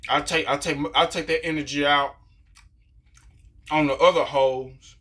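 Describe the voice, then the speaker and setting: Bright-voiced man ranting in a vlog. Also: on the high side, steady tone, a little slow. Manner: rambling, with constant "you know" fillers and repeated restarts; profane and openly frustrated. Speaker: vlogger. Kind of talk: casual ranting monologue.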